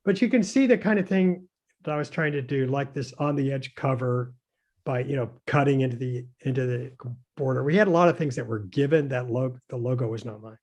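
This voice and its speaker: With a brisk, medium-pitched and slightly mellow voice, this older man, a designer on as a guest, shares stories in casual conversation. He wanders hesitantly through them, filling gaps and chuckling often.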